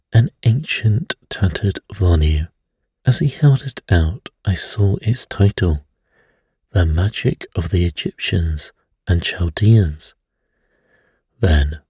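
Slow, husky male bedtime narrator, dark and dry. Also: low voice, no echo. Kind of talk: relaxing bedtime story reading.

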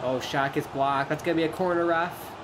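A man giving casual play-by-play commentary while playing a football video game, excitable and prone to shouting when chances come. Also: on the high side, brisk, background noise. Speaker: gaming YouTuber.

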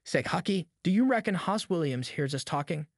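A man reads a nervous, mischievous boy in an audiobook, trying to sound brave in country dialect. His voice sits a little high, and the sound is dry and close. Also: animated, moderate pace, vocal fry, dry recording. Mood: nervous whisper.

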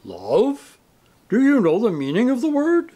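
A man's voice: extremely high pitch, wildly swooping pitch, a little slow, warm tone, voice pushed up, heavily acted. A man voicing a pompous, self-pitying male ghost who declaims melodramatically in a storybook reading. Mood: wounded.

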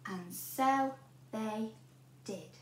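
A woman teacher reads a storybook aloud to children, slowly and with a high voice. She talks in an animated way and asks the listener questions. The room sounds roomy, with a faint hum behind.

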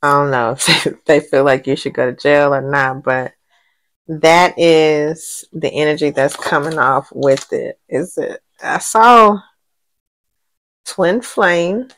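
Animated, slangy woman reading tarot cards. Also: low-pitched, takes it slowly. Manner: animated and slangy, swears, laughs often; thinks aloud, often says she does not know. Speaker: tarot reader. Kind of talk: casual tarot reading to a general audience.

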